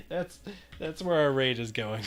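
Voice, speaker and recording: There's background noise as a man with a slightly high, sing-song voice speaks at a slow pace. Hosting a pinball stream live, he's chatty and laughs a lot, addressing chat while he plays.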